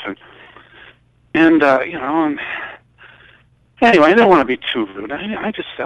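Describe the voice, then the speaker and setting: An older man from Michigan recounting a personal story in a halting, rambling way, full of restarts. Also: on the high side, very animated, dry recording, muffled recording. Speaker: guest.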